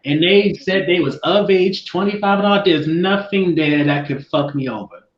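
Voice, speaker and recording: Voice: mid-range voice, moderate pace, reverberant, muffled recording. A podcast co-host in casual chat, speaking bluntly and with plenty of swearing. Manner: blunt and profane.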